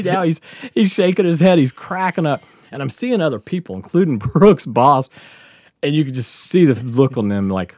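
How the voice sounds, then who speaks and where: A man's voice: a little high, dry recording, clean studio sound. A man in his fifties telling a wild story on a podcast, swearing freely and laughing as he goes. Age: 50s. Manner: animated, profane, laughing through a wild story. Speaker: podcast co-host. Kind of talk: casual storytelling chat.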